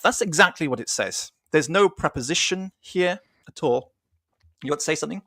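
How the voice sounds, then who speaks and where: A man's voice: a little high, animated, moderate pace, pushed and bright, dry recording, studio quality. A man hosting a casual discussion, talking through a book thoughtfully with frequent ums and restarts. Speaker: host.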